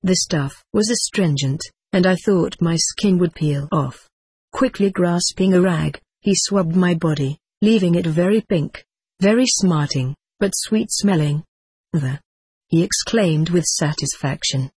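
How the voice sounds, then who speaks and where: A narrator reading a memoir aloud in a measured, even storytelling manner, voicing the quoted characters within the narration. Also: mid-range voice, breathy edge, no echo. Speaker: audiobook narrator.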